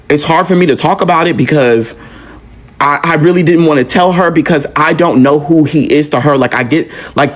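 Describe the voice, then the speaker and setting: A young man with a fairly high voice tells a painful personal story in a raw, animated way. He swears freely and acts out the voices of the people in it.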